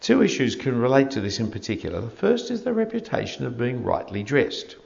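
A man delivers an expository sermon at a brisk pace, his gravelly voice rising and falling with animated pitch. Between verses he drops in dry, wry asides. The recording sounds dull and lo-fi.

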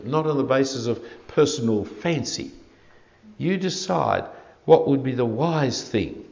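A man preaching an expository sermon, his gravelly voice rising and falling with animated pitch. He slips in dry, wry asides between verses. The recording is dull and lo-fi. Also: measured pace.

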